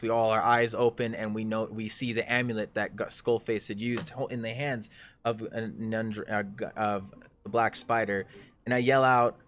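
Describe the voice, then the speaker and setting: A man narrating a tabletop game as game master, talking casually with many fillers and swearing. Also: medium pitch.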